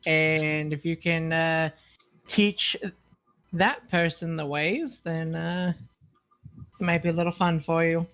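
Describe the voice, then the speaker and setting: A woman voicing a flirty adventurer in a tabletop game, halting and stumbling over her words. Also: deep voice, fairly even intonation, a bit bright. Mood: flustered.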